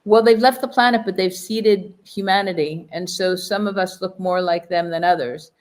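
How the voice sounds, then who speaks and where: A woman's voice: fairly low pitch, steady tone, moderate pace, darkish tone. Chatty woman podcast co-host. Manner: enthusiastic, tangent-prone, speculative. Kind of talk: casual conversational podcast.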